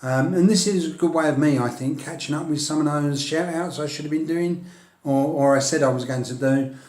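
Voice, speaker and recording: A man's voice: on the high side, brisk, a little mellow. Middle-aged Englishman, casual hobby vlogger, chuckles a lot, filmed on a tablet in an echoey room. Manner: chatty, self-deprecating, laughs often, frequent restarts. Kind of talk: casual rambling chat to camera. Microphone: filming on a tablet.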